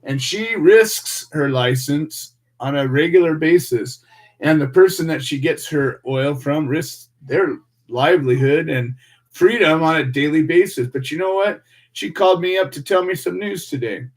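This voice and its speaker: American radio host guy ranting hard, preachy, lots of rhetorical questions, slightly high voice. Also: a little slow. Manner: fiery, preachy, rhetorical questions, emphatic repetition. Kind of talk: impassioned radio monologue.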